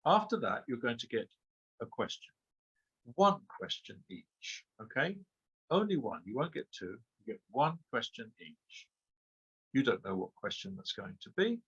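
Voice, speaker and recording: A man's voice: mid-range voice, big pitch swings, unhurried, a bit bright, slightly rough, dull audio. A man giving a lecture as an exam trainer, speaking emphatically and asking many rhetorical questions with a frequent "okay?". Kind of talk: webinar lecture.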